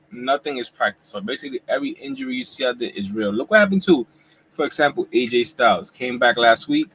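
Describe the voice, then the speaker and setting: A man in his forties hosting a casual live wrestling reaction chat at home, talking in relaxed slang while he eats. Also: mid-range voice, slight background noise, poor audio. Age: 40s. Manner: laid-back slangy talk, eating while talking. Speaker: wrestling YouTuber host.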